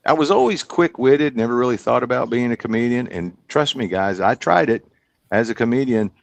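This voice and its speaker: A man's voice: medium pitch, expressive, brisk, vocal fry, no echo. A man in his fifties from Kentucky, telling stories casually as a podcast guest, chatty and rambling. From Kentucky, USA. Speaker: podcast guest, comedian and hypnotist. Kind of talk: casual storytelling interview.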